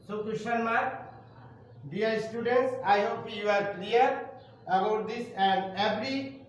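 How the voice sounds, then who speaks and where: Bangladeshi guy teaching english grammar, slow and repetitive, mic far off in a really echoey room. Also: sits high. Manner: slow, repetitive explaining to students. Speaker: primary school English teacher. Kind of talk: online classroom lesson. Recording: roomy, distant, faint noise.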